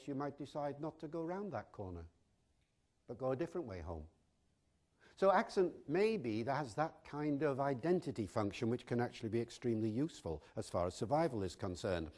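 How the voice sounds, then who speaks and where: A man from Wales, giving an educational talk full of rhetorical questions. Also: mid-range voice. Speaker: lecturer on language.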